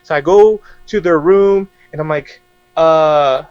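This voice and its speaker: Young guy on a podcast mic, highish voice, dry close sound, tells a story all animated and laughing. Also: normal speed, no room sound, highs cut off, faint music behind. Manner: animated, acts out quoted dialogue with frequent laughter. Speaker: podcast guest. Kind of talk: casual storytelling.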